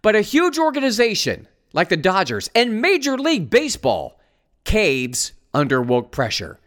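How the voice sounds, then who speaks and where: Male host, sarcastic news commentary, higher voice with a lively, swinging delivery. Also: normal speed. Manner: mocking, sarcastic asides.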